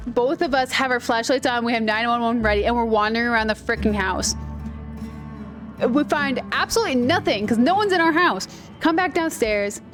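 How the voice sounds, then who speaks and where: A woman's voice: a little high, brisk, soft background music. A woman giving casual, rambling commentary while playing a video game and telling stories. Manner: chatty, rambling storyteller. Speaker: gaming video creator. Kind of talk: casual let's-play commentary.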